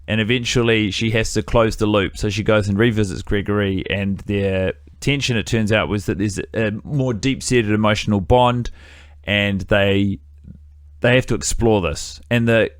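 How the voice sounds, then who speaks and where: A man's voice: lowish voice, clear, resonant tone, dry recording, studio quality. A man hosting a podcast, recapping a film in a rambling, profane, comedic way. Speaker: podcast host. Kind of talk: casual film-review chat.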